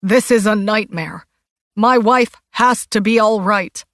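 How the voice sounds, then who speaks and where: A woman's voice: medium pitch, slow, no room sound, studio quality, voice pushed up. Woman voicing a desperate, defensive husband. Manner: loud, raised, strained pleading. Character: distraught middle-aged husband, defensive and desperate.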